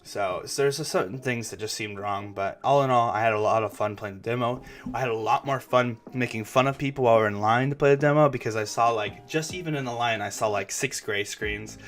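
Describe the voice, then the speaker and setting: Young male gaming host, loose casual chat, swears freely and repeats words when he restarts, mid-pitched voice, faint music underneath. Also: a little fast, few pauses, a bit bright. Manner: rambling, profane, stammering restarts.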